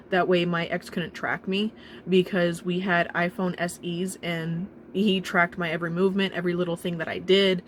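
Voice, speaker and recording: A young woman telling a painful personal story in a halting, emotional way, with nervous laughs and restarts. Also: fairly low pitch, a little hiss or hum. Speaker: vlogger telling her own story.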